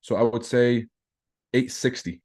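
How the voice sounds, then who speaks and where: A man's voice: mid-range voice, flat delivery, a little slow, darkish tone. A man in his own everyday voice hosts a trading livestream, talking casually and loosely. He is brash and profane, cracking jokes and answering chat messages as they come in.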